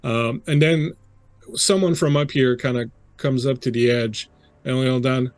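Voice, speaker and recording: A man's voice: mid-range voice, steady tone, a little slow, no room sound, faint music behind. A man narrating a tabletop role-playing game as game master, loose and rambling with fillers.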